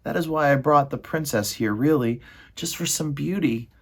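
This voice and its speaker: A man's voice: fairly high pitch, normal speed, breathy edge, pitched above the performer's own voice. A man voicing a miserable male rat who pleads through tears, in a storybook reading. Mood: pleading. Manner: tearful, pleading.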